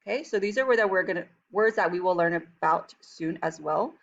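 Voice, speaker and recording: A woman teaching a Chinese textbook lesson, talking quickly and chattily, and slowing down for careful pronunciation demonstrations. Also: on the low side, vocal fry, dull audio. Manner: fast-talking, chatty, switches into slow careful Mandarin demonstrations.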